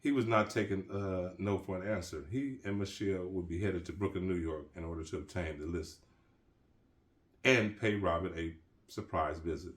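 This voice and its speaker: A man with a lowish voice reads his own crime novel aloud in a relaxed, casual way. He drops street-slang asides and restarts lines as he goes. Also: normal speed. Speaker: author reading his novel.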